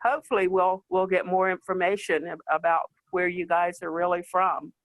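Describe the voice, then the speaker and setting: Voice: mid-range voice, little pitch movement, moderate pace, a bit bright, dry recording, rough recording. Reflective speaker on a family call. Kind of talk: casual chat on a family video call.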